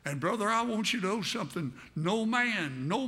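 Man, preacher, sermon, high voice, fervent, repeats phrases, addresses the congregation. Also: lively intonation, moderate pace, sharp tone.

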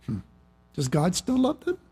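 High-pitched preacher guy, chatty sermon storytelling, trips over his words a lot. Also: huge pitch swings, moderate pace, warm tone, slightly rough. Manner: folksy storytelling with frequent restarts. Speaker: pastor.

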